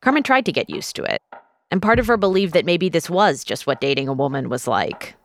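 A woman's voice: deep voice, very animated. Woman narrating over music. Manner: measured storytelling narration. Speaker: podcast host and narrator. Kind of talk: scripted narration and interviewing.

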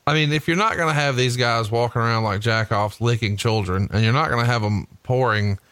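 A man from Alabama chats about old wrestling shows, loose and profane, joking and cursing as he goes. His voice is bright and forceful, recorded close and dry with no room sound. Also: medium pitch, fairly quick, smooth, no room sound. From Huntsville, Alabama. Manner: profane, jokey, laughs often. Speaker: podcast co-host. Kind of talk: casual wrestling chat.

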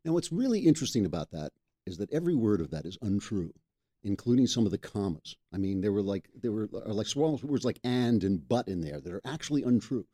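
Fast and very animated, a man with a lowish, mellow voice hosts a political talk show in a makeshift studio. He keeps things casual and wry, joking and laughing at himself a lot.

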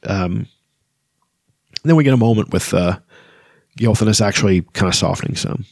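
Low-voiced man chatting about a book. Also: normal speed, vocal fry, darkish tone, no room sound, studio quality. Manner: chatty, laughs, many fillers and restarts. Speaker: podcast host. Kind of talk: casual book discussion with read-aloud passages.

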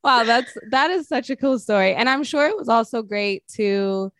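A woman's voice: on the high side, expressive, normal speed, a bit bright, no echo, studio quality. Chatty woman hosting an interview. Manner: encouraging, chatty, laughs easily. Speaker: interview host. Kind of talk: casual interview.

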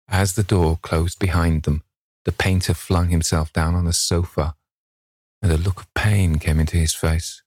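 A man narrates a classic novel in a measured, steady way. His voice sits very low, and the recording is dry with no room sound. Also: dry recording. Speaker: audiobook narrator. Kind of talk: reading a classic novel aloud.

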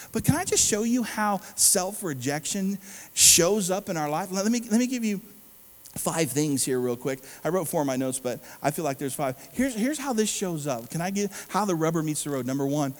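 Male pastor, high voice with big swings, preaching in a reverberant hall. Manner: emphatic preaching with call-outs to the congregation. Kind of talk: sermon.

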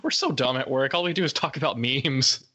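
A man's voice: mid-range voice, a little fast, bright, forceful tone. A man co-hosting a podcast in casual chat, with a bombastic, joking manner and a habit of interrupting. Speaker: podcast co-host.

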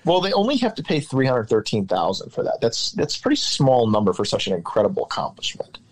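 A man's voice: medium pitch, big pitch swings, quick pace. A man co-hosting a casual podcast chat, teasing the others and tossing out questions. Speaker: podcast co-host.

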